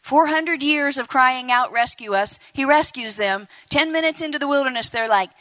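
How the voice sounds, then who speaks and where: A woman in her fifties preaching a lively sermon to a congregation, addressing them directly and acting out quoted voices. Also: sits high, normal speed. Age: 50s. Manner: animated, talks to the congregation, acts out quoted voices.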